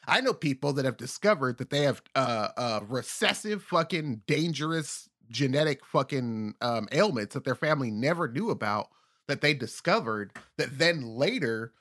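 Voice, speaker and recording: A man co-hosting a casual podcast, talking in a rambling, profane way with halting restarts. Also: medium pitch, expressive, a bit bright. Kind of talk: casual chat.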